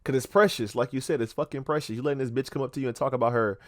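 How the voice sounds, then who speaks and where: A man's voice: mid-range voice, very fast, dry recording, studio quality. A young man giving blunt, profane advice to a friend on a casual podcast. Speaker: podcast co-host.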